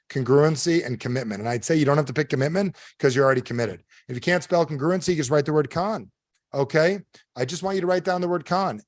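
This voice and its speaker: A man with a somewhat high voice giving a live motivational seminar talk. He speaks emphatically and animatedly and keeps checking in with his listeners through questions. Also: dry recording, studio quality. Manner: animated, keeps quizzing the audience; emphatic, storytelling.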